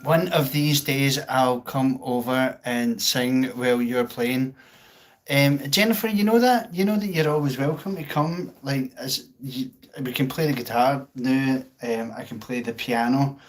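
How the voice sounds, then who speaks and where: A man with a Scottish accent chats unhurriedly with his viewers on a home livestream, at an ordinary mid pitch for a man. He pokes fun at himself and swears casually as he reads out their comments. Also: a little slow. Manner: chatty, self-mocking, swears freely. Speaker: livestream host.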